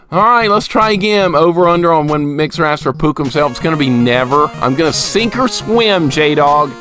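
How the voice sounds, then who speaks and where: Lively man streaming a hard game. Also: fairly high pitch, moderate pace, few pauses, soft background music. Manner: frustrated, shouts at the game, chats with viewers. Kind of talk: live gameplay commentary.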